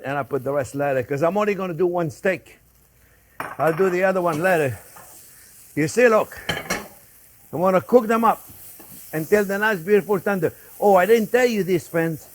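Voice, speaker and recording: Chatty older French-accented chef. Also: male voice, high-pitched. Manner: chatty, jokey, talks to viewers as friends. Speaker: cooking show host. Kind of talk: casual cooking demonstration. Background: sizzling pan in a kitchen.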